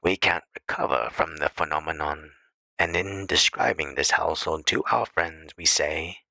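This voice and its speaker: A man reading an essay aloud as an audiobook narrator, in a measured, deliberate way. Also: rumbling low, creaky, sharp tone, no room sound, rough recording. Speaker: audiobook reader.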